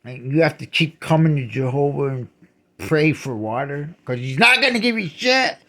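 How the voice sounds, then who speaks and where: High gravelly man ranting. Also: expressive, normal speed. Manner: indignant, repeats and restarts words, shouts accusations. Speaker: channel host. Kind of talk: ranting monologue.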